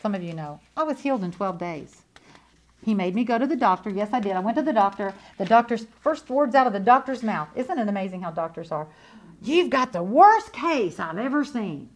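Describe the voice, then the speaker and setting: A woman giving an animated sermon testimony, swinging between loud declarations and hushed asides. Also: medium pitch, fast. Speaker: preacher.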